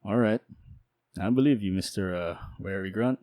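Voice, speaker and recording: A man's voice: lowish voice, normal speed, darkish tone, dry recording, pitched below the performer's own voice, close to an everyday voice. A man voicing a kind, caring male school principal who speaks politely and formally, in a spoken story. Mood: concerned. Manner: polite and formal, addresses by title.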